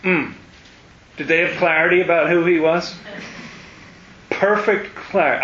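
A man leading a casual Bible study, animated and exclamatory, his voice jumping up when excited. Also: on the high side, measured pace, pauses often. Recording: dull, roomy, faint hiss.

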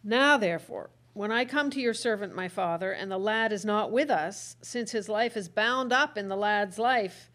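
A woman reading scripture aloud in a measured, earnest way. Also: mid-range voice, fairly bright tone. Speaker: scripture reader.

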